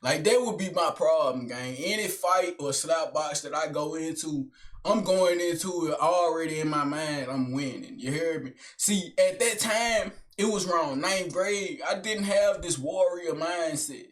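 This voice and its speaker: A young man telling a story in animated, slangy street talk, full of tags like "son" and "gang", with low mumbled asides. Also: a little slow. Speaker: vlogger. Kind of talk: casual storytelling monologue.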